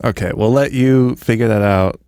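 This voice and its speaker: A man's voice: medium pitch, normal speed, mellow, clean tone, no echo, studio quality. An American man co-hosting a podcast, teasing the guest and steering the conversation. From United States. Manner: teasing, organizing. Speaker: podcast co-host. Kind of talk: casual podcast chat.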